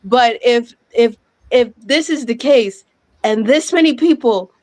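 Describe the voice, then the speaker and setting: Woman, 30s, overwhelmed impassioned speaker, slightly high pitch, dry sound. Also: lively intonation, unhurried, dry recording. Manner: emotional, loud and laughing, apologetic. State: sweating, overwhelmed. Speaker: guest speaker. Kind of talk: impassioned speech.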